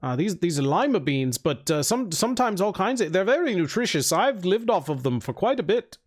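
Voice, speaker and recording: A man's voice: sits high, big pitch swings, fairly quick. A man voicing a nervous, kindly helper who stammers politely. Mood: eager.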